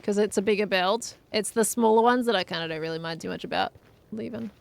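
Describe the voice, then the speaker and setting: A woman's voice: mid-range voice, steady tone, fast, vocal fry. A young adult woman streaming a game, chatting in a rambling, giggly way as she plays. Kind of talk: rambling live gameplay chat.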